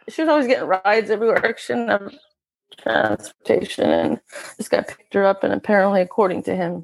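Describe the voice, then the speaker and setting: A middle-aged woman telling a painful personal story as a guest, candid and emotional, often halting. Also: a little high, gravelly.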